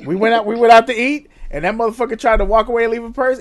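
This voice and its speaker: A middle-aged man co-hosting a casual chat, telling stories in a profane, animated way with frequent laughs. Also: very high voice, fairly quick, vocal fry. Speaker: podcast co-host.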